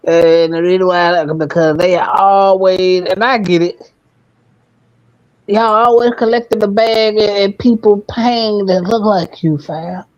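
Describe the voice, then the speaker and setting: A man's voice: high-pitched, fairly even intonation, measured pace, a little mellow. A man joining a livestream chat, speaking bluntly and outspokenly. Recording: dull lo-fi sound.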